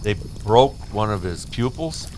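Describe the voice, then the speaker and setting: Slow, halting low-voiced man. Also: animated, darkish tone, a little hiss or hum. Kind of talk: casual chat.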